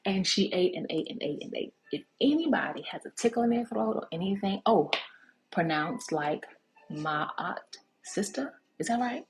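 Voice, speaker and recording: A woman's voice: mid-range voice, animated, normal speed, low-quality recording. A woman giving a casual, chatty cooking demonstration, telling family stories with lots of fillers and restarts. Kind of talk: casual storytelling cooking demo.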